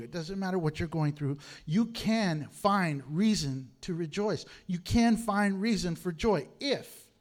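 A man preaching a sermon as pastor, animated and humorous, reading scripture and telling stories. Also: high voice.

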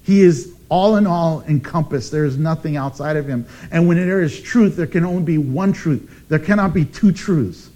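A man preaching a sermon as pastor, emphatic and animated, with dramatic pauses. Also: fairly high pitch.

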